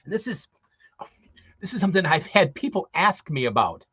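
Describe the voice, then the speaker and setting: A man's voice: fairly high pitch, big pitch swings, normal speed, fairly bright tone, breathy edge, no echo. A man who performs as Santa, giving earnest, cheerful tips to other Santa performers in a casual live show. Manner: earnest, cheerful, repeats himself. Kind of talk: casual advice talk. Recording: dull, dry lo-fi audio.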